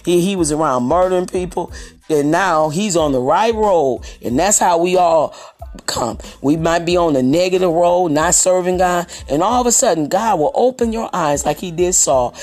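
A woman's voice: lowish voice, normal speed, darkish tone. A woman preaching a sermon, emphatic and rhythmic, repeating key phrases.

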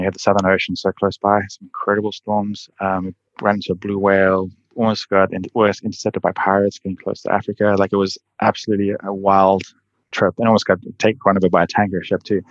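Deep voiced guy rattling off stories super fast, flat tone, kinda dull lo-fi sound. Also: dry recording. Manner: fast, laughing, rambling with many "like"s. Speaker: endurance athlete guest. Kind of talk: casual storytelling interview.

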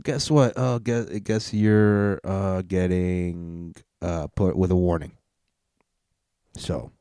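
Profane, rambling podcast man, dark voice. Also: deep voice, no room sound, studio quality. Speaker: podcast host. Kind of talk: casual podcast rant.

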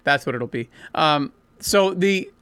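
A man's voice: on the high side, animated, measured pace, a bit bright, clear, resonant tone, dry recording. Blunt man with a dry close sound. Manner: blunt, insistent, casual swearing. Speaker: sports talk show co-host. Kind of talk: sports radio debate.

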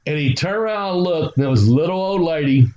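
A man's voice: a little high, expressive, fast talker, a little mellow, slight background noise. A man, a guest telling rambling stories and swearing freely. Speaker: guest, former wrestler. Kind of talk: casual storytelling. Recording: roomy, slightly dull recording.

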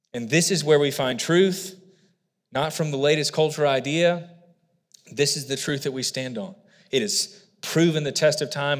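A man preaching a sermon, explaining scripture earnestly and emphatically, with frequent asides to the congregation. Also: on the high side. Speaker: pastor. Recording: long hall reverb.

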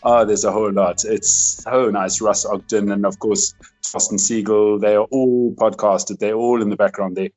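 A man's voice: lowish voice, fairly even intonation, moderate pace, darkish tone, faint music behind, poor audio. A man hosting a podcast interview, talking in an effusive, rambling way. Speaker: podcast host. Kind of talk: casual interview chat.

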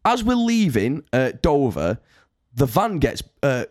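A man's voice: mid-range voice, measured pace, no echo, clean studio sound. Sweary guy spinning a yarn. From United Kingdom. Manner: animated, sweary, rambling. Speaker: touring band musician telling a story. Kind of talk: casual podcast storytelling.

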